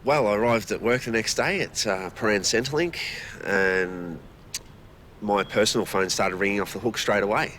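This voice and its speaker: A man's voice: lowish voice, normal speed, fairly bright tone, slight background noise. A man with an Australian accent, recalling events in a documentary interview, hesitant and repeating his words.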